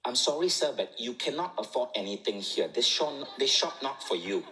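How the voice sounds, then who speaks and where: A man's voice: mid-range voice, expressive, moderate pace, pushed and bright, roomy sound. A man voicing a snooty young female shop saleswoman with a Malaysian accent, curt and dismissive in broken English.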